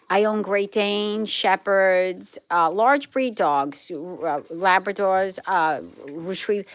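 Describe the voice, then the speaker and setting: A middle-aged Brooklyn woman with a lowish voice chats casually with her live-stream viewers, answering their comments in a rambling, storytelling way. She tends to trail off and start over. The recording has no echo.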